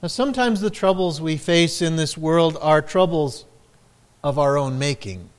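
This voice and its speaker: Slow, measured male preacher. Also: a little high. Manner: slow, measured preaching with dramatic quoted lines. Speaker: pastor. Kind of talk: sermon.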